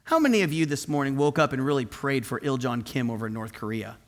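A man preaching a sermon in an animated, conversational and emphatic way. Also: medium pitch, fast.

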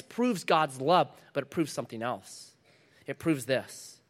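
A middle-aged man preaching a sermon to a congregation, dramatic, dropping to a hush and then rising loud again. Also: fairly high pitch. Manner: dramatic, swings from loud to hushed. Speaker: pastor.

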